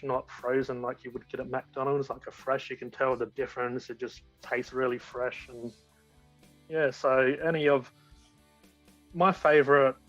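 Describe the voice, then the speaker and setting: A man's voice: mid-range voice, a bit bright. A man as a guest in a casual chat, talking enthusiastically and rambling with frequent restarts. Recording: dull lo-fi audio.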